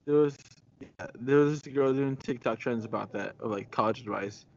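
A man's voice: mid-range voice, normal speed, vocal fry, lo-fi sound. A young man co-hosting a podcast, chatting casually with lots of laughter and fillers. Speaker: podcast co-host. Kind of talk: casual chat.

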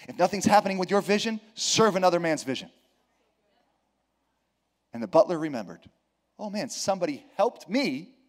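High-voiced preacher, swinging loud and soft. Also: male voice. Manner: dramatic storytelling with acted quotes, swings between loud and hushed. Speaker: pastor. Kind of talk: sermon.

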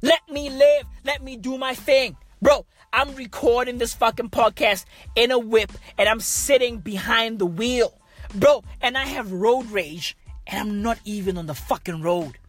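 A woman's voice: on the high side, unhurried, dry recording, faint music behind. A woman hosting a podcast from inside a parked car, delivering a crude, repetitive comedic rant. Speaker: podcast host.

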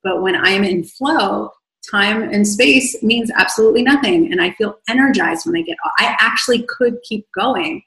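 Creaky-voiced woman with a tiring voice. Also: medium pitch, moderate pace, roomy sound, poor audio. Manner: effusive, rambling, warm toward viewers. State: voice fading from long talking. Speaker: online coach. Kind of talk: livestream Q&A reading viewer comments.

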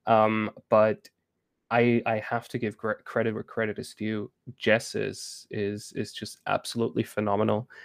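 A man talking as a guest in a casual interview, halting with many restarts and fillers and laughing often. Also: fairly low pitch, completely flat delivery, vocal fry, no room sound, clean studio sound. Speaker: game co-founder guest.

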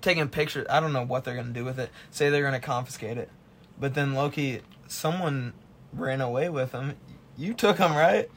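A man's voice: medium pitch, steady tone, a little fast, a bit bright. A young man co-hosting a casual podcast, telling a story in a laid-back, slangy way. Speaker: podcast co-host. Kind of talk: casual chat.

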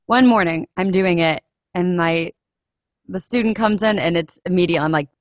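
A young woman talks casually about her work as a standardized patient, acting out her own reactions. Her voice sits a little low. The recording is dry and close, with no room sound. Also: moderate pace, no room sound. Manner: animated storyteller, acts out her own reactions. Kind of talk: casual conversation.

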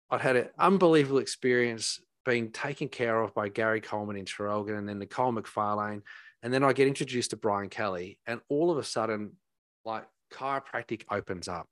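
A man's voice: mid-range voice, fairly bright tone, no echo, clean studio sound. A man, a guest telling heartfelt stories in a rambling way, with many fillers and restarts. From Australia. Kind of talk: casual storytelling.

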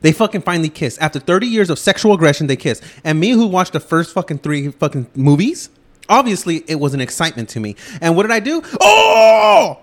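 A man hosting a podcast, ranting loudly and swearing nonstop as he reviews a movie. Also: on the high side, expressive. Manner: loud, swearing, rapid ranting. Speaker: podcast host. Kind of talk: profane movie-review rant.

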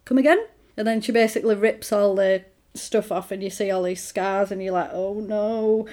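A woman's voice: medium pitch, brisk. A woman in casual chat, retelling a film's plot and acting out the characters' lines. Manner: animated, acts out characters' lines in quoted voices.

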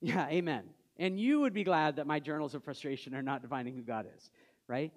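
A male pastor preaching a sermon in a conversational way, asking the congregation questions and dropping soft for scripture readings. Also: fairly high pitch, a little fast.

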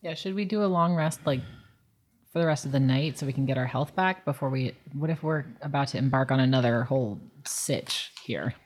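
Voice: medium pitch, brisk. Hesitant player thinking aloud. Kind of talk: casual tabletop play.

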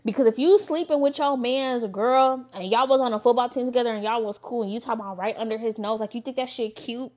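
A young woman hosting a podcast, telling a dating story in a candid, profane, casual way with quick asides. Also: on the high side, darkish tone. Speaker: podcast host.

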